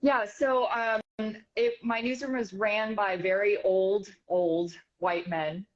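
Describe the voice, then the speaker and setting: A reporter and author from the United States, her voice mid-range, shares a lively story during an interview. She talks quickly with lots of fillers, and the audio comes across slightly dull and muffled.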